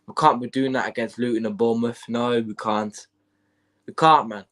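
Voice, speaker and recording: Man, hay fever, casual football chat, repeats himself, middle pitch. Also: steady tone, normal speed, a bit bright. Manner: laid-back, repetitive, fan talk. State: stuffy with hay fever and a bug. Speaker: co-host of a football stream.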